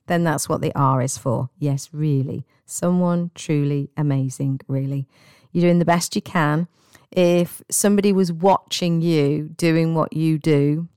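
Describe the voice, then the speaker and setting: A woman giving a guided self-help talk as a wellbeing coach, speaking in a gentle, encouraging and reassuring way. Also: low voice, clean tone, no echo, studio quality.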